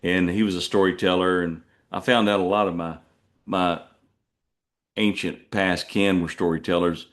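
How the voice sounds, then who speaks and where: A man's voice: level tone, normal speed. A middle-aged man, a truck driver hosting a podcast, telling stories in a rambling, self-deprecating way with many restarts. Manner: puts on jumpy high voices when quoting people. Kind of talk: casual storytelling monologue.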